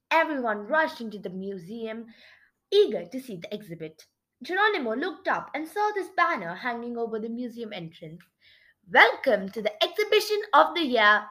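A woman reading a children's book chapter aloud as storyteller, with expressive narration. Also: fairly high pitch.

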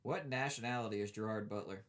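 A young man in casual, profane podcast chat, animated and quick to laugh. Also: on the low side.

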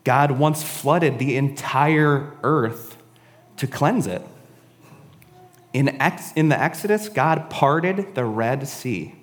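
A man's voice: medium pitch, big-room sound. A man giving a casual, conversational sermon, often adding "right?" and "honestly". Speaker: preacher.

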